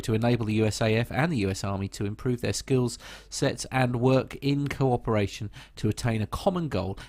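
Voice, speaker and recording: Gravelly man, chatty and hesitant. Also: fairly low pitch, darkish tone. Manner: chatty, lots of hesitations and laughs. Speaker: podcast co-host. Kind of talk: casual chat.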